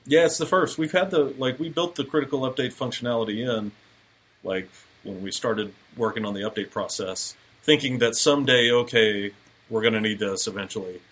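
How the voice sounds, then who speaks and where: A man appearing as a software developer guest, answering in an easygoing, explanatory way in a casual interview. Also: mid-range voice, fairly quick.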